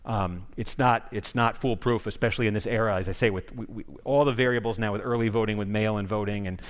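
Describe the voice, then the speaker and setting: A man's voice: lowish voice, steady tone, fast talker. A man speaking as a guest at a public forum, answering audience questions in an earnest, explanatory way and often restarting his sentences mid-thought. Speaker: guest speaker, political correspondent. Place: large forum hall. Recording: long hall reverb.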